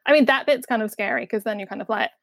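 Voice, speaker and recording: A woman's voice: fairly high pitch, fast, gravelly, no room sound, studio quality. A woman talking about a film in a casual podcast chat, filling her sentences with "like" and "you know.". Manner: chatty, lots of "like" and "you know".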